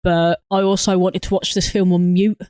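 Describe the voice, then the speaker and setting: A woman co-hosting a movie podcast, animated and quick to laugh as she gives exasperated takes on a film. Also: fairly low pitch, clean tone, dry recording, clean studio sound. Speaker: podcast co-host. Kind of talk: casual movie review chat.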